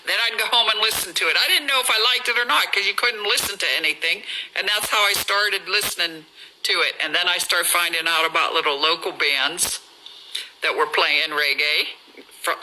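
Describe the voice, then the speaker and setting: A middle-aged woman hosting a live stream on her phone, telling stories in a chatty, animated way and laughing often. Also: lowish voice, slight background noise, poor audio. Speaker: livestream host. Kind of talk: casual storytelling on a live stream.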